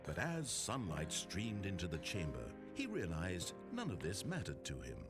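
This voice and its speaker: A man voicing a game's narrator, telling the story in a grave, theatrical, sweeping way over loud music. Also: sits low, huge pitch swings, moderate pace, exaggerated voice. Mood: grandiose. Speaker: game narrator. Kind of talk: dramatic scripted narration. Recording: game audio with loud music.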